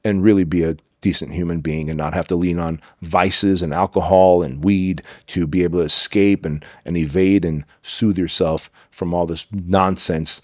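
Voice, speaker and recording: Low, steady, and darkish, the middle-aged man speaks at normal speed with hardly any pauses on a dry, clean studio recording. He's a podcast guest telling personal stories emphatically in a candid interview, acting out dialogue and swearing from time to time.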